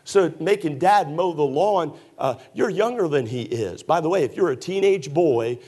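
Male pastor, mid-sermon, folksy, emphatic, sarcastic asides, higher-pitched. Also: animated, normal speed, warm tone, slightly rough. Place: church.

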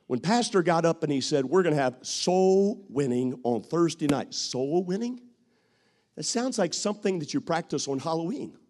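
A man preaching a sermon as pastor, acting out what people say and rising to shouts at his peaks. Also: a little high.

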